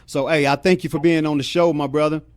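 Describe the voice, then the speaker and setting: A man's voice: fairly high pitch, steady tone, quick pace, no echo. Upbeat slangy male talk show host. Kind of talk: casual interview chat.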